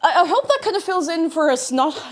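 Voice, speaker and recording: A woman's voice: very high voice, sing-song, a little fast, very noisy. A young Irish woman chatting casually on her livestream, bubbly and chatty as she greets viewers and reads their messages. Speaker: streamer.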